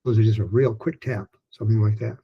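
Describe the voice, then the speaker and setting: A man teaching a pronunciation lesson, explaining hand gestures in a relaxed, informal way with many fillers. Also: fairly low pitch, fast talker, creaky, husky, highs cut off. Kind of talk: online lesson.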